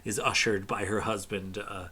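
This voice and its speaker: A man narrating a tabletop game as game master in a relaxed, rambling way with many fillers. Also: lowish voice, moderate pace, slightly rough.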